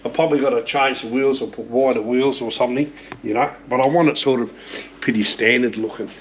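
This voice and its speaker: A middle-aged Australian man talks cars in his home shed, rough-spoken and loose with the swearing, tripping over his words as he goes. His voice sits in an ordinary middle pitch. A faint hiss of noise runs underneath. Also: fairly even intonation, brisk. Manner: rough-spoken, swears freely, repeats himself. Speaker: car restorer showing his shed. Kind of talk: casual chat.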